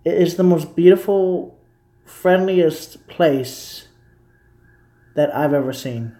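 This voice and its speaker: A man's voice: fairly high pitch, slow pace, warm tone, roomy sound. A man from Texas rambling to his viewers in a blunt, opinionated live-stream chat, swearing casually as he goes.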